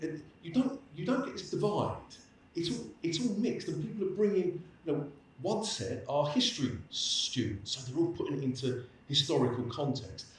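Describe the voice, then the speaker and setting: A man's voice: fairly high pitch, a little hiss or hum. A man giving a lecture and answering questions in a chatty, anecdotal way, with many restarts. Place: lecture hall. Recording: echoey hall, distant mic.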